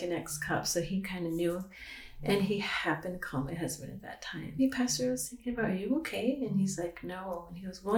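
A woman's voice: on the low side, vocal fry, darkish tone, roomy sound. A woman telling a long story in a casual chat, rambling with many fillers. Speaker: guest, pastor's wife.

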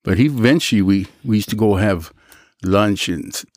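A man telling stories from his life in a casual interview, animated and acting out the voices of others. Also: normal speed. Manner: animated storyteller, jumps high to act out quoted voices; Christian, speaks of his faith. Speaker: guest.

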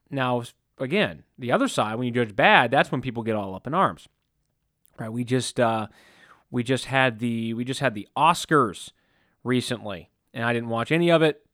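A man's voice: mid-range voice, no echo, studio quality. A man preaching an informal sermon, talking conversationally, acting out little scenes and repeating himself as he goes. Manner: conversational, animated, acts out quotes, frequent restarts.

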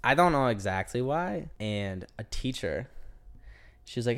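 A man's voice: mid-range voice, normal speed, smooth. A young man telling a long personal story in casual chat, heavy on filler words, acting out what people said. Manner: rambling, lots of "like" fillers, acts out quotes.

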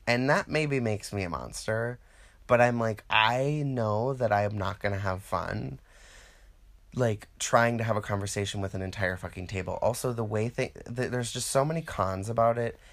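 Rambling, profane man with low voice. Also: moderate pace. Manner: rambling, profane, animated quoting of others. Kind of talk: casual comedic monologue.

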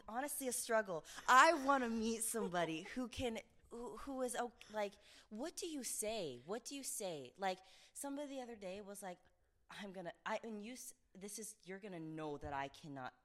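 A young woman with a slightly raspy voice at an ordinary middle pitch, co-hosting a relaxed podcast conversation. She talks in an animated, self-deprecating way and breaks into laughter easily. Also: normal speed. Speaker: podcast co-host. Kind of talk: casual chat.

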